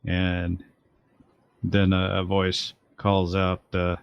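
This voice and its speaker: A man running a tabletop game, narrating in a low, unhurried voice full of hesitations. The sound is dry and close, like a desk mic in a small room at home. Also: monotone, gravelly, clear, resonant tone, dry recording, lo-fi sound. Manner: rambling, hesitant narration with fillers. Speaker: game master.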